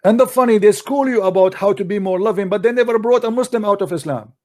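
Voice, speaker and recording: Man, arabic accent, combative commentary host, scolding, somewhat high voice. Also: fast, darkish tone. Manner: combative, scolding, non-native grammar. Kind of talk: polemical commentary.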